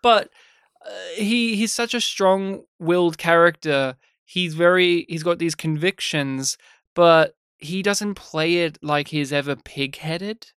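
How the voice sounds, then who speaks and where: A man's voice: on the high side, takes it slowly, clean tone, no room sound, studio quality. An Australian man co-hosting a film podcast, talking animatedly about a movie and laughing often. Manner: animated, acts out scenes in voices, laughs often. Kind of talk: casual film review chat.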